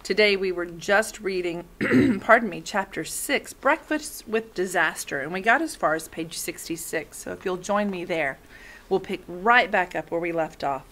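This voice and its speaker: A woman's voice: on the low side, lively intonation, normal speed, a bit bright, poor audio. A woman reading a children's novel aloud in a friendly way, stopping to explain words.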